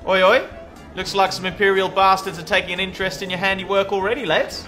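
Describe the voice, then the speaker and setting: A man's voice: high voice, little pitch movement, fast, sharp tone. A man playing a brash smuggler captain with a broad Australian accent, cocky and full of slang. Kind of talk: comedy parody dub. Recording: music behind the voice.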